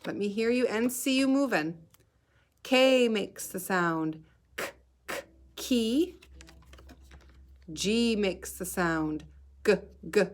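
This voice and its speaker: Kindergarten teacher, woman: slow, deliberate phonics drills with crisp letter sounds and gentle encouragement. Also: mid-range voice. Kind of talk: phonics lesson for young children.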